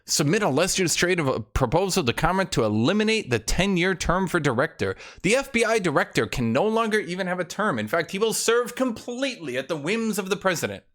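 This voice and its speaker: Young male streamer, sarcastic and exasperated, swears often, voice rises and falls a lot, slightly high. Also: very animated, a little fast, hardly any pauses, a bit bright. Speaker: political commentary streamer. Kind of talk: live-stream commentary reading documents to chat.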